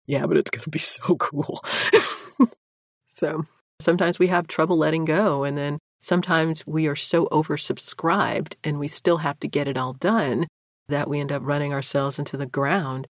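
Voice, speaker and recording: Woman engineer telling stories, gravelly voice, dry close sound, bit of music under. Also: low voice, normal speed, dry recording. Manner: animated, acts out her own quotes. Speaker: spacecraft engineer. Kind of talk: interview storytelling.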